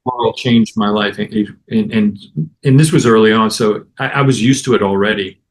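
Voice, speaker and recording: A man, a guest musician, casually telling an animated anecdote and acting out other people's lines. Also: on the low side, moderate pace. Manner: animated anecdote with acted-out quotes. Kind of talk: casual storytelling.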